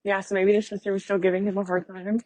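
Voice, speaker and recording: A woman's voice: medium pitch, level tone, quick pace, darkish tone, dry recording, low-quality recording. A woman co-hosting a casual podcast chat about reality TV, agreeable with skeptical asides. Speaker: podcast co-host.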